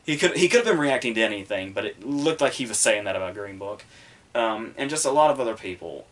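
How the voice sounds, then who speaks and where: A man's voice: on the low side, expressive, quick pace. A man hosting a podcast, giving casual solo commentary in a rambling, profane way full of fillers. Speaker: podcast host reviewing the Oscars.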